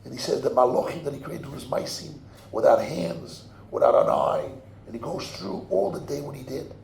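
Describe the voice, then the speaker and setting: An older man, a rabbi telling a story in a sermon. He acts out the voices, swinging from hushed murmurs to loud cries. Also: mid-range voice, normal speed, gravelly. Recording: echoey room.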